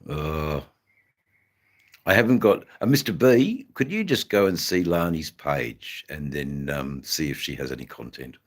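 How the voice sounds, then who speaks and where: A Western Australian man hosting a casual motorcycle live stream, rambling and halting with many fillers. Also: very deep voice, expressive. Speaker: motorcycle channel host. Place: indoors in front of a flag backdrop. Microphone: phone.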